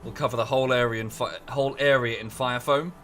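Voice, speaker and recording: A man's voice: mid-range voice, steady tone, quick pace, fairly bright tone, soft background music. A young English man chatting casually with his stream chat while playing a strategy game, often correcting himself mid-sentence. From England. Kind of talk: casual livestream chat over gameplay.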